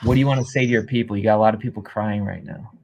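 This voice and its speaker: A man hosting a live stream interview, talking with energetic, salesy push and repeating himself. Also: on the low side, very fast, creaky, a little hiss or hum. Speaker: host.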